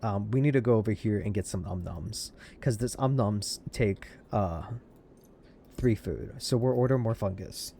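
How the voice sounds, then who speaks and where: Low-voiced man narrating a game aloud, excitable and given to laughter, faint background noise. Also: unhurried, gravelly. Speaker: let's play gamer. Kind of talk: reading game text aloud with commentary.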